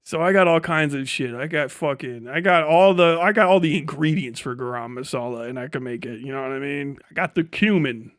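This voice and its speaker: Animated high-voiced man ranting on a livestream. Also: brisk, hardly any pauses. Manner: animated, swearing, incredulous outbursts. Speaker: livestream host. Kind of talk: casual livestream rant.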